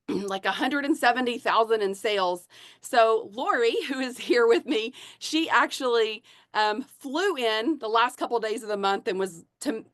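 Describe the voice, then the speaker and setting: Gushing chatty woman, higher voice. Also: a bit bright, no echo, clean studio sound. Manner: gushing, chatty, many fillers. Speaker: network marketing leader. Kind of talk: personal testimony to a team.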